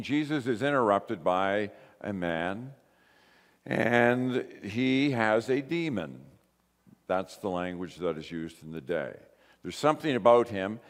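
Male pastor, mid-pitched voice, conversational sermon with emphatic peaks, long church reverb. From grew up in a Pentecostal church. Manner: conversational preaching, rising to emphatic bursts. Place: church sanctuary.

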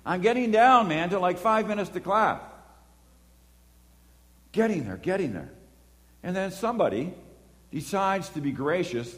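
A man giving a sermon, telling a personal story in an animated way and acting out the voices. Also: fairly high pitch. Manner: animated storytelling, acts out voices and horn beeps. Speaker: preacher. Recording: long hall reverb.

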